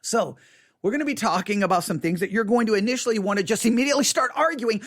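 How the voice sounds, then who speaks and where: A pastor teaching to camera in an animated, emphatic way, leaning hard on key words. The voice sits at a middle pitch and moves up and down widely. Phrases get repeated and broken up by quick acted-out asides. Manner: repeats words and acts out quick mock quotes.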